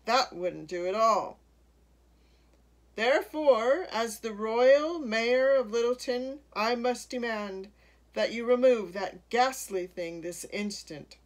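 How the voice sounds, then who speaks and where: A woman reading aloud plays a pompous male town mayor who blusters and commands in a loud, self-important voice. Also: extremely high pitch, slow. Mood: blustering.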